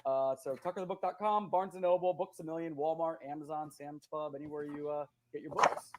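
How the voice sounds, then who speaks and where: A man appearing as a guest author on a remote call, speaking quickly about where to buy his book. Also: a little high, steady tone.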